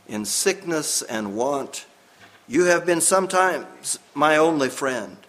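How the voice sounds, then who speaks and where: A man voicing an old, devout and stubborn pearl diver who speaks slowly and solemnly in a hushed voice. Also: mid-range voice, pitched below the performer's own voice. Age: older.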